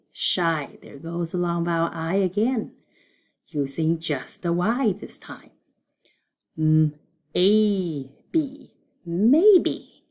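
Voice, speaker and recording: A woman teacher giving a phonics lesson to children, sounding out each syllable slowly and deliberately. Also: fairly low pitch.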